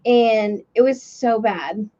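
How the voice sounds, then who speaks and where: A woman co-hosts a relaxed home livestream, talking candidly and laughing easily. Her voice sits a little high. The stream audio is somewhat dull and lo-fi. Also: slow pace. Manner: chatty, candid, laughs often. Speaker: livestream co-host. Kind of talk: casual chat.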